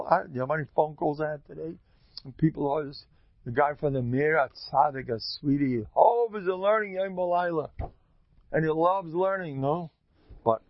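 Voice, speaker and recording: A man with a Yeshivish, Yiddish-flavored accent gives an informal religious talk, full of jokes and little acted-out exchanges. His voice sits in a middle pitch and leaps high when he stresses a point. The recording is dry and slightly dull. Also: no room sound. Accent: Yeshivish English, Yiddish-peppered. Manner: animated, joking, acts out little dialogues. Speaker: speaker giving a Torah talk.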